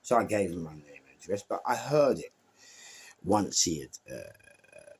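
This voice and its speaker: A man's voice: low voice, a little slow, breathy edge. A middle-aged man with a London accent, casually telling an anecdote and acting out the voices of everyone in it. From England. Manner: animated storytelling, acting out both sides of dialogue. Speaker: storyteller. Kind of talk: casual anecdote told to camera.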